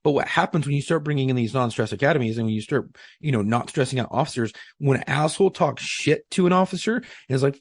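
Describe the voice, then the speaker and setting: A man's voice: mid-range voice, animated, fast talker, no room sound, studio quality. A man who is a former Marine and police officer, co-hosting a podcast in casual chat, profane, trading stories. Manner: profane, storytelling, repeats words when starting. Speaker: podcast co-host.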